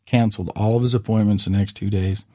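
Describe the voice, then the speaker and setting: A man with a lowish, dark and mellow voice telling a story on a casual podcast. He is animated and acts out the other people in his story as he goes. The sound is dry and close. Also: fast talker, no echo. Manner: animated storyteller, acts out quoted voices, says "bro" and "dude". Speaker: podcast co-host.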